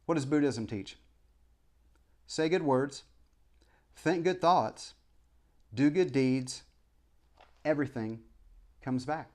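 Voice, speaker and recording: A man's voice: medium pitch, slow, long pauses, darkish tone. A man, a former preacher, in a rambling opinion monologue to camera. He stumbles through many restarts and apologies and fires off impassioned rhetorical questions. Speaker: vlogger.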